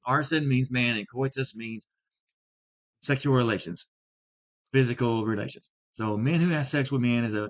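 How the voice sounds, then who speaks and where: A man teaching about Bible translations in a video talk, speaking deliberately and stressing key words. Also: medium pitch, fairly bright tone. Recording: slightly dull lo-fi sound.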